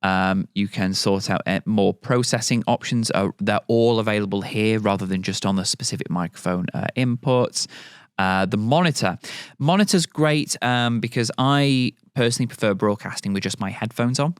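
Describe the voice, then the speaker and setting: A man with a low, smooth voice walks through an audio gear tutorial in a loose, rambling way, full of ums and restarts. The sound is close and dry, with no room around it. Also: normal speed, no room sound. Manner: loose and chatty, with many fillers and restarts. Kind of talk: casual product tutorial.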